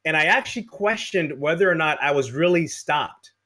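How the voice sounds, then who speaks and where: A man, a podcast guest, telling an exaggerated road-trip story in casual, animated chat. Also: fairly high pitch, normal speed.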